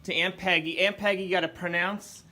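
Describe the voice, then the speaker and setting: A man with a Baltimore accent hosts a home video and playfully quizzes his family. A crowd of voices chatters behind him, and the whole clip sounds like a loud family room. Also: high voice, level tone, fairly quick.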